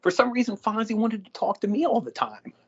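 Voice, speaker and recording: Husky guy telling stories casually, does the voices, muffled lo-fi sound. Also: high voice, brisk. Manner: animated anecdotes, acts out quotes. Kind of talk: casual storytelling. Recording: dull lo-fi audio.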